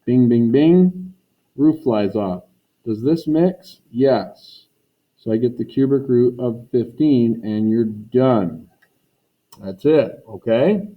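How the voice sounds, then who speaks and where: A male math teacher explains a lesson in a folksy, step-by-step way and keeps coming back to catchy phrases. His voice sits at an ordinary middle pitch. The sound is thin and narrow, like it came over a phone line. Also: takes it slowly. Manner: folksy, repeats catchphrases, talks students through steps. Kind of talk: recorded classroom lesson. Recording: tinny phone-like recording.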